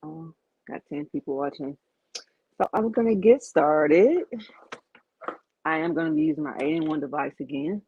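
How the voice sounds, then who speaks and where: A woman's voice: deep voice, normal speed, pauses often, breathy edge. A woman with a Southern US accent hosts a casual crafting livestream from her home studio, chatty and thanking viewers as she works. The audio is dull and lo-fi, with a dry, close sound and no room echo. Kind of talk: casual live-stream chat.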